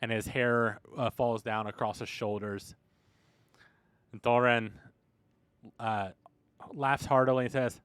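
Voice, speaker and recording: A man narrating as game master in a casual, halting way. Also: mid-range voice, steady tone, a bit bright, clean tone, no room sound.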